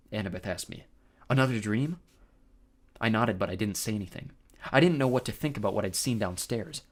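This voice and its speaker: A man narrating a first-person audiobook with expressive storytelling. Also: on the low side.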